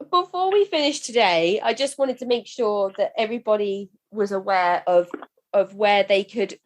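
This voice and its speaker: A woman hosting a podcast interview, effusive in her praise of her guest. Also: medium pitch. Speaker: podcast host.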